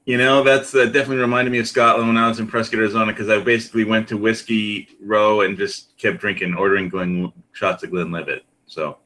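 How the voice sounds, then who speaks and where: A man's voice: lowish voice, level tone, fast talker, hardly any pauses, sharp tone. A man hosting a podcast in casual chat, easygoing and steering the talk.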